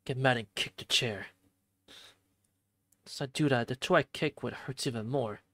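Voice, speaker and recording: A streamer reads a visual novel aloud, narrating with expressive delivery and dropping jokey asides along the way. The voice sits at a middle pitch and is recorded dry and close at home. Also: normal speed, dry recording. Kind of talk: reading a visual novel aloud with live commentary.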